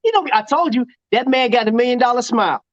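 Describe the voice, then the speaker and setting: A man's voice: extremely high pitch, steady tone, quick pace, a little hiss or hum. A man hosting a casual livestream chat, talking loosely and animatedly with lots of slang and laughter. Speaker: show host. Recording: dull, lo-fi sound.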